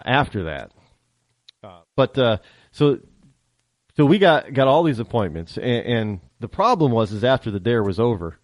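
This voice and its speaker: A man from the northern United States hosting a podcast, telling stories in a rambling, animated casual monologue. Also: mid-range voice, dry recording. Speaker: podcast host.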